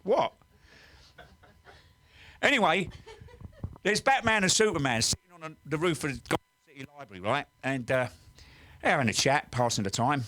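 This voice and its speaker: A man's voice: on the high side, expressive, moderate pace, pauses often, sharp tone. An English man telling rambling, cheeky pub stories and jokes, full of "right?" and "he said". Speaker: guest storyteller.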